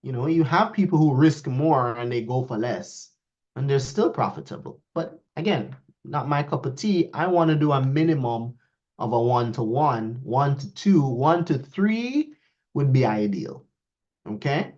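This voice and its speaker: A man's voice: medium pitch, moderate pace. Guy walking students through a trade, voice jumps all over, kinda muffled lo-fi audio. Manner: lively, talks to students, quotes askers in a raised voice. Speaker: trading instructor. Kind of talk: live trading lesson. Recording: dull lo-fi audio.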